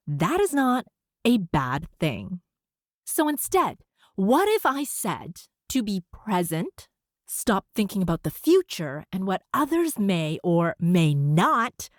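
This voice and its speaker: Lively woman podcaster with a slight lisp. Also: mid-range voice, no echo, clean studio sound. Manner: upspeak at sentence ends, frequent laughs. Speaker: podcast host. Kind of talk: solo podcast talk.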